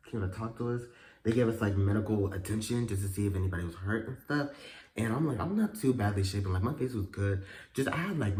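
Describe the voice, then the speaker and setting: Man vlogger, low-ish voice that swings wide, slangy and cussing, telling a storytime. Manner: animated, profane storytelling full of slang and fillers; acts out quotes with sudden high pitch jumps. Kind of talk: casual storytime.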